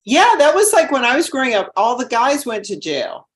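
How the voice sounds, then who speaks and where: A woman's voice: high voice, sing-song, normal speed. A woman from Canada chiming in supportively during a casual religious discussion. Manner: supportive, agreeing. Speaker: co-host.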